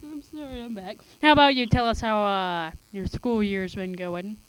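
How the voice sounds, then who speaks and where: A woman hosting a podcast, asking easygoing questions with plenty of fillers. Her voice is smooth and clear at mid pitch. The sound is dry and close. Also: fairly even intonation, moderate pace, no echo, low-quality recording. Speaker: podcast host. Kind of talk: casual chat.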